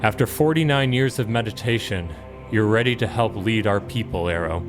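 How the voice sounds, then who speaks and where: A man voicing a wise elder woman who leads her people, speaking in a grave, measured way. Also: on the low side, over music, close to an everyday voice. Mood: solemn.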